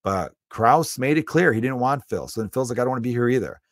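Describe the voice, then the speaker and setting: A man's voice: medium pitch, expressive, fast talker, no echo. A man from Chicago, a comedian hosting his own podcast, ranting emphatically and with strong opinions. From Chicago, USA. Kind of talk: solo podcast rant.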